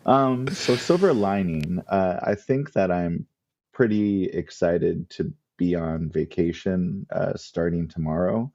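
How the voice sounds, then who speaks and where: Gravelly low-voiced man, rambling casually. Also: takes it slowly, darkish tone. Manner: rambling, self-deprecating, laughs often. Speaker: podcast co-host. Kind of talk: casual chat.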